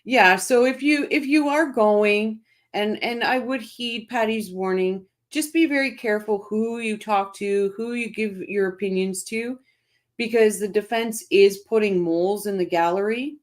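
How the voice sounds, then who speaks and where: A woman's voice: mid-range voice, unhurried. A middle-aged woman hosting a casual livestream, chatting and reading out viewer comments with frequent restarts. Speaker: livestream host.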